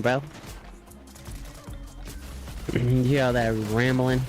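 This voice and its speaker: A low-voiced man rambles through a live game stream, drifting between jokes and idle musings. He chuckles and clears his throat often, speaking in a loose, casual way with faint music playing underneath. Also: fairly even intonation, normal speed, darkish tone.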